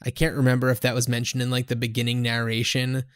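A man's voice: mid-range voice, completely flat delivery, quick pace, dry recording. Casual male podcast host, rambling, dry close-miked sound. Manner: rambling, filler-heavy. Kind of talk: casual chat.

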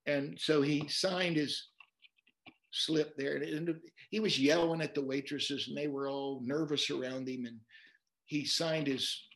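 Pastor guy chatting on an interview, kinda high voice, stumbles and repeats words while quoting verses. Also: steady tone, measured pace, fairly bright tone. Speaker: pastor and guest. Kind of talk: conversational preaching in an interview.

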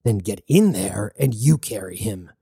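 A man's voice: lowish voice, expressive, unhurried, creaky, warm tone, husky, no room sound, studio quality, exaggerated voice. A man voicing a ruthless mercenary commander who speaks in curt, profane orders. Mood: gruff.

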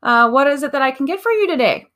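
A woman's voice: high voice, expressive, fast talker, fairly bright tone, voice pushed up. A woman voicing a friendly, helpful male cashier taking an order at a burger shop. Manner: polite, helpful.

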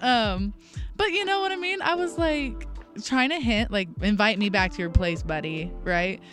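A young woman in her twenties telling a long story in casual chat, animated, full of "like", acting out what people said. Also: mid-range voice, normal speed, soft background music. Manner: animated, lots of "like", acts out quotes. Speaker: guest. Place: a bar or restaurant.

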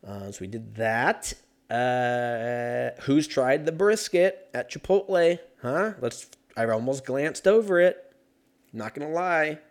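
A man's voice: medium pitch, takes it slowly. Rambling, profane man chatting solo. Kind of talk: casual solo chat.

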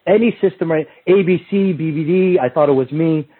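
Husky and on the high side, the man's voice moves a little fast as he tells rambling, profane stories on a show. A fitness industry coach appearing as a guest, he performs both halves of remembered conversations, and the audio is tinny like a phone call.

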